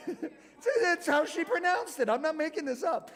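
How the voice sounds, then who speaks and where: A man's voice: very high-pitched, very animated, measured pace. Chatty man telling a story in a hall. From California. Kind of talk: youth group talk. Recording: hall reverb.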